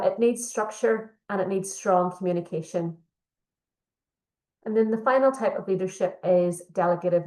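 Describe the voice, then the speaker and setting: In an echoey room, a workshop facilitator leads a leadership training. Her medium-pitched voice is a little mellow, and she explains at a steady clip, dropping in plenty of fillers.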